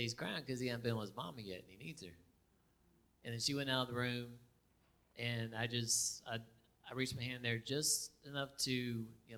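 A man retelling a personal story in a casual, halting way, with many fillers and restarts. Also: medium pitch, pushed and bright. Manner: chatty, halting, with frequent fillers and laughs.

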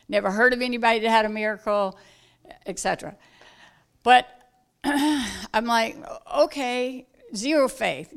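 A woman from South Georgia, telling a personal story in casual talk, animated and acting out the voices of the people in it. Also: medium pitch. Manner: animated, acts out quoted voices loudly, laughs while telling. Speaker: guest telling a testimony.

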